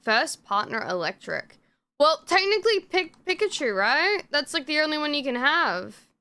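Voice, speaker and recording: A woman's voice: sits high, very animated, moderate pace, pushed and bright. A woman streamer chatting casually on a live stream, rambling with lots of fillers and frequent swearing.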